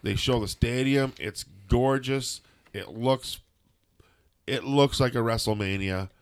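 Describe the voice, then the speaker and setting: A man's voice: medium pitch, slow. A man co-hosting a podcast, giving a rambling, jokey wrestling recap in casual chat. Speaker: podcast co-host.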